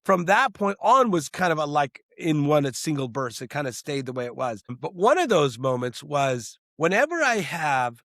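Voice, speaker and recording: Middle aged guy gushing about his show, lots of restarts, kinda high voice, dry sound. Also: normal speed, hardly any pauses, no echo. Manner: animated, rambling with many restarts. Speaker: screenwriter and director. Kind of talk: interview conversation.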